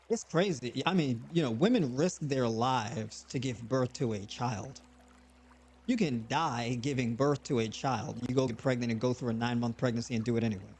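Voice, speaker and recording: A man hosting a live online show, talking casually and motivationally with frequent repeats and animated bursts. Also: mid-range voice, slightly rough. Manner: conversational, repeats words, rising to animated bursts.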